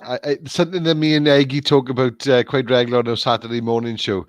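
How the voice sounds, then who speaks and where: A man's voice: medium pitch, fairly even intonation, fast talker, no room sound, studio quality. A man hosting a podcast, chatting casually with his guest in short, easygoing remarks. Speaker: podcast host. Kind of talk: casual chat.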